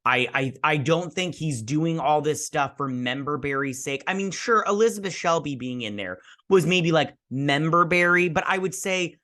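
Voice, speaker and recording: Man, show host, bright voice, gushing fan energy, rambling recap full of fillers. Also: fairly high pitch, normal speed, few pauses. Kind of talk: excited episode recap.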